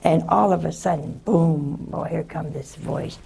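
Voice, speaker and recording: Slow gravelly-voiced religious sister. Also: female voice, deep voice, dark tone. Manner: folksy, chuckling storyteller. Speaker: religious sister answering callers. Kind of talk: call-in advice with storytelling.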